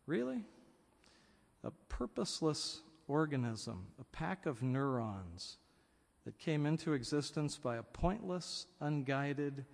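A man's voice: mid-range voice, expressive, unhurried, vocal fry, in a large hall. A man preaching a reflective sermon, earnest and thoughtful, often building up to emphatic questions. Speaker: pastor.

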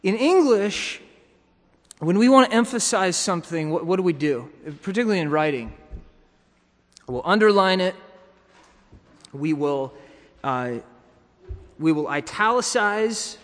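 A man's voice: sits high, lively intonation, unhurried, long pauses, in a large hall. A man preaching a sermon in a teaching manner, often restarting and repeating words.

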